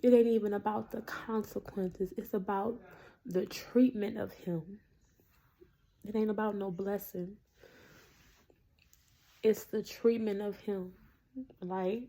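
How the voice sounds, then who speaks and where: A woman's voice: mid-range voice, slow, pauses often, dark tone. A woman in a casual, earnest faith talk to camera, preaching to her viewers with lots of fillers. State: tearful at times. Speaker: Christian vlogger.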